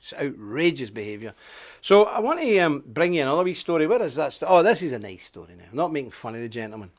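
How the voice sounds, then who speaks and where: A man's voice: on the high side, very animated, fast. A man hosting a live stream, talking off the cuff in an outspoken, emphatic and folksy way. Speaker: host of a live stream report. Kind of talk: unscripted live-stream monologue.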